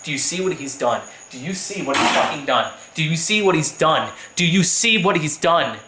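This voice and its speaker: A man's voice: on the high side, animated, moderate pace, reverberant, very noisy. A man delivering a heated, profanity-laced rant as a YouTube commentator, repeating himself for emphasis. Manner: heated, profane, repetitive ranting. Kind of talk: angry rant vlog.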